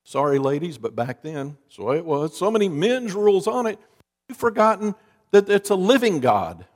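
A man preaching a sermon as a pastor, with dramatic swings between soft, low lines and loud, emphatic ones. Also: normal speed. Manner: dramatic preacher, lively rises and drops in pitch and volume. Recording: long reverb of a large hall.

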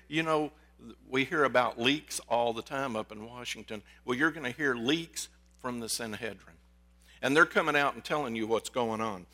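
A man with a bright, slightly high voice delivers a conversational sermon, swinging between quiet asides and excited outbursts. He talks to the congregation directly, calling them folks. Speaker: pastor. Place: church sanctuary.

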